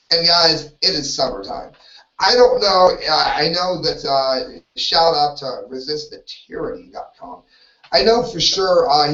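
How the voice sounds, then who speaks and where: Guy rambling on his own live show, voice a bit high, roomy far-off mic. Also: a bit bright. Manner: rambling, opinionated, self-interrupting. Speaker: host. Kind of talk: solo live talk show. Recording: roomy, distant, dull lo-fi audio.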